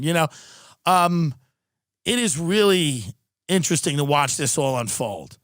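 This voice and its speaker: A man's voice: fairly high pitch, animated, measured pace, pauses often, fairly bright tone, no echo, clean studio sound. A male comedian and podcast host delivering a profane, sarcastic political rant.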